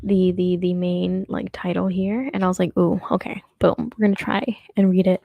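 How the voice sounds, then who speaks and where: Heard through phone-quality sound with no echo, her fairly low, creaky voice keeps a level tone at a moderate pace. She's a young American show host chatting casually, rambling and laughing often as she jokes at her own expense.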